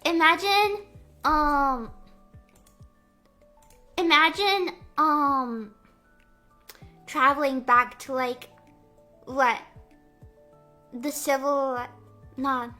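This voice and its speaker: A woman livestreamer with a very high, bright and crisp voice chats casually, rambling and joking with plenty of "like" and "um". Faint music plays softly underneath her talk. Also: steady tone, takes it slowly, long pauses. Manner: rambling, full of "like" and "um"; playful, jokey. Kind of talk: casual chat.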